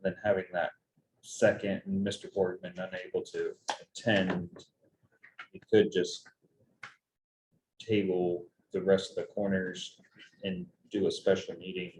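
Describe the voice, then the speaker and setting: A man's voice: low-pitched, flat delivery, a little slow, pauses often, noisy background. A man leading a public board meeting, speaking in a hesitant, hedging way with many fillers. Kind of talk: formal meeting discussion.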